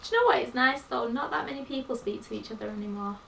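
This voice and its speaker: A woman's voice: a little high, fast, creaky, fairly bright tone, slight background noise. Teasing woman in an echoey room. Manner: teasing, laughs along. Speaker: friend. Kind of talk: casual chat. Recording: echoey room, distant mic.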